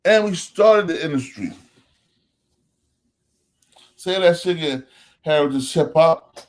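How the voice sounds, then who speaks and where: A man's voice: a little high, animated, slow. Host, man, New Jersey accent, emphatic casual monologue, lists names and repeats lines. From Elizabeth, New Jersey.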